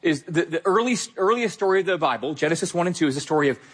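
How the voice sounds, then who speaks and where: Earnest preaching man, husky. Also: fairly high pitch, lively intonation, fast talker, fairly bright tone. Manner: emphatic, earnest, repeats key phrases. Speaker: pastor. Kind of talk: sermon.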